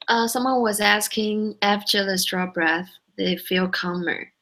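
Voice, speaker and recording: Woman in the class passing on a question, quiet and a bit unsure. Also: mid-range voice, steady tone, a little slow. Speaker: participant relaying a question.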